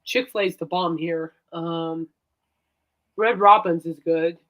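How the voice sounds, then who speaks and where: A woman's voice: lowish voice, steady tone, a little slow, highs cut off. A woman hosting a casual chat show, rambling and laughing often. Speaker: host.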